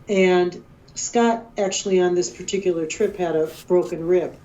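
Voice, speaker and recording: A middle-aged woman and guest researcher telling a story with emotion and excitement, often quoting herself. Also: fairly low pitch, normal speed, dull audio. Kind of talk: animated storytelling interview.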